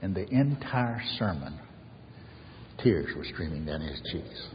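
A man preaching an earnest sermon as pastor, swinging from raised emphasis to soft near-whispers. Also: low voice, big pitch swings, unhurried, in a large hall, dull audio, slight background noise.

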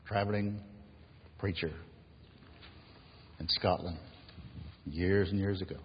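A man preaching a sermon and telling stories, unhurried, letting his phrases drop to a hushed close. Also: deep voice, steady tone. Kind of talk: sermon with storytelling. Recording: echoey hall, dull lo-fi sound, faint hiss.

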